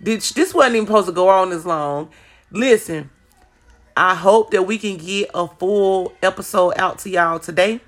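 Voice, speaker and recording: A woman running a podcast solo, swearing freely as she rambles. She is blunt and loose, and she talks straight to her listeners like friends. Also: on the low side. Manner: profane, rambling, blunt storytelling; addresses listeners directly. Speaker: podcast host. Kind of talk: casual solo podcast chat.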